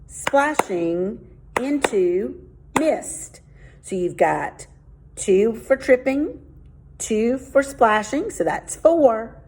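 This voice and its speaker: Slow, breathy woman teacher reading aloud. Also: mid-range voice, a little mellow, poor audio. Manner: patient, counts syllables out slowly. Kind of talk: children's read-aloud and lesson.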